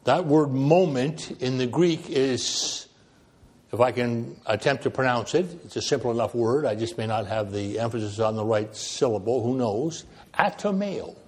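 Husky, dramatic male preacher. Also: moderate pace. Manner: dramatic, with wide swings in pitch and loudness; conversational asides and self-deprecating humor. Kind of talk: sermon.

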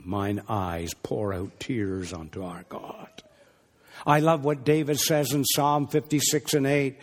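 A male preacher delivering a dramatic sermon, rising to emphasis and dropping to hushed, near-whispered lines. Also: fairly low pitch. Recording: long hall reverb.

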